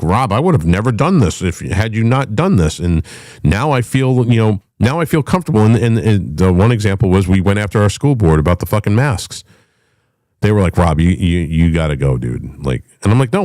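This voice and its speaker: A man's voice: deep voice, a little mellow, no echo. A man from the United States ranting in a blunt, combative way, with a lot of swearing. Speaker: podcast host. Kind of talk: unscripted rant.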